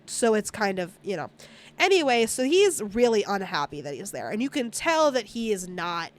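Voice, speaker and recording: A woman streamer rambles through a casual movie recap, swearing often and acting out the characters' lines. Her mid-range voice swings widely in pitch at a normal speed.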